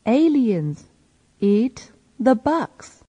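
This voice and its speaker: Slow husky woman repeating phrases. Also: fairly high pitch, big pitch swings, mellow. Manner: repeats each phrase slowly and clearly after a male reader. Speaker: reading teacher. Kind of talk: slow read-aloud for learners to repeat.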